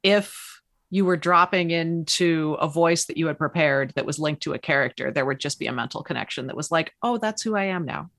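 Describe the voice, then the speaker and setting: A woman's voice: deep voice, fairly even intonation, fairly quick, creaky, a bit bright. A woman sharing her thoughts candidly on a casual podcast about playing tabletop game characters.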